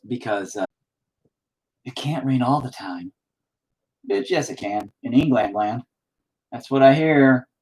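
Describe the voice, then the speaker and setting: A man's voice: medium pitch, low-quality recording. A man chatting casually on a live stream while he paints, rambling, swearing often and joking at his own expense.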